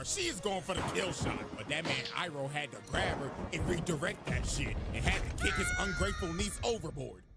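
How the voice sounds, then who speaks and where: A young man recaps an anime as comedy in loose slang and a lot of profanity. His voice is high and swings widely as he riffs. Music plays loudly under him. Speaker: host. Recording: music playing behind.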